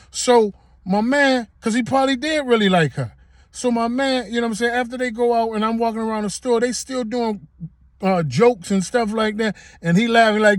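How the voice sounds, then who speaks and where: A man's voice: high-pitched, no echo, studio quality. A man telling a personal story straight to the camera in a casual, emphatic way, repeating himself and using everyday slang. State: getting emotional. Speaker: vlogger.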